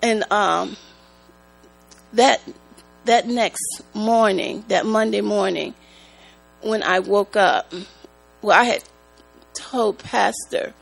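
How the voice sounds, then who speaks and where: A woman giving a church testimony, speaking in a slow, halting, emotional way. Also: mid-range voice, vocal fry, poor audio. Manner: slow, halting, emotional, prone to rising excitement. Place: church sanctuary. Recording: mains hum in the background.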